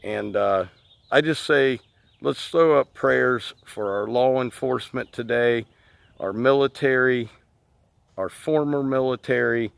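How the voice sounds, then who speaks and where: A man's voice: mid-range voice, measured pace, creaky, smooth, no room sound. A man who runs a lawn care business, telling a story casually to camera and talking straight to his viewers. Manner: chatty, addresses viewers as guys. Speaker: lawn care business owner and channel host.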